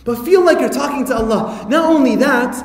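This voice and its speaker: A man giving an animated Islamic lecture, acting out quoted voices and rising to emphatic shouts. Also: very high-pitched, a little fast. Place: lecture hall. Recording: echoey hall recording.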